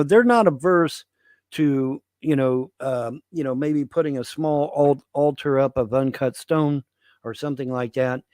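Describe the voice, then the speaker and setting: A man's voice: fairly high pitch, a little mellow, no echo. A man co-hosting a casual livestream chat, talking in a profane, rambling and emphatic way. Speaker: livestream co-host.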